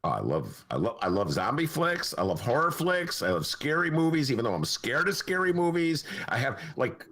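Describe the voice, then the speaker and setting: A man's voice: fairly high pitch, very animated, moderate pace, few pauses, fairly bright tone. A man in his sixties hosting a podcast, chatting casually in a rambling, opinionated way. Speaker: podcast host. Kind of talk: casual chat.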